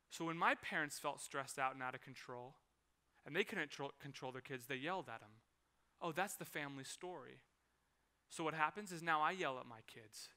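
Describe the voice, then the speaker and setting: Bright-voiced animated male preacher. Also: on the high side. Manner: animated storytelling, acts out scenes. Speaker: pastor. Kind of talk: sermon with personal story.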